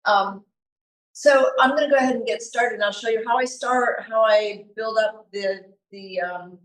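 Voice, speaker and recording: A woman giving a live painting demonstration to an audience, talking in a relaxed, chatty way and thinking aloud as she works. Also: on the high side, moderate pace. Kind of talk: live art demonstration talk. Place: meeting room with an audience. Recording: echoey room recorded from far off.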